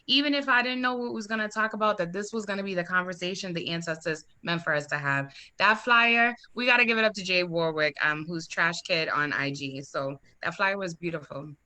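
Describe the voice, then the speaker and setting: An excitable woman hosts a casual podcast chat, gushing over her guest and laughing easily. Her voice sits a little low, with a bright, forceful edge. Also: a little fast, hardly any pauses. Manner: effusive, excitable, laughs often. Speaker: podcast host.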